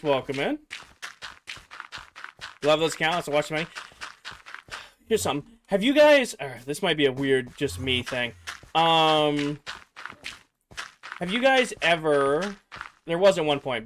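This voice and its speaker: Young male game streamer, slightly higher voice, rambling chat, going a bit hoarse. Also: very animated, unhurried, long pauses, fairly bright tone, slight background noise. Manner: rambling, filler-heavy, answering chat. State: losing his voice. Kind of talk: casual livestream chat with viewers.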